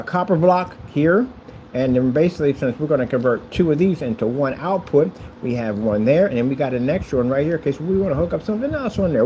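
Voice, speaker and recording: A man's voice: on the high side, warm tone, a little hiss or hum, rough recording. A man casually walking through his custom PC wiring, chatty and boastful, with playful asides. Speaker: maker showing a custom PC build. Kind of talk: casual tutorial vlog.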